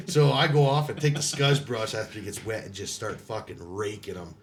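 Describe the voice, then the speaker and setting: A former Marine appears as a podcast guest, casually telling raunchy stories about boot camp while swearing freely, laughing often, and acting out the voices of the people he quotes. His medium-pitched voice swings widely, sounds sharp, and moves at a normal speed, with a little hiss or hum in the background.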